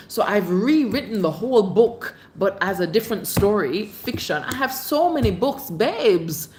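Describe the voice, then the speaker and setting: Woman, livestream host, affectionate chatty manner, faint background noise. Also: fairly low pitch. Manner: chatty, affectionate, calls viewers babes. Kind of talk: casual live chat reading comments.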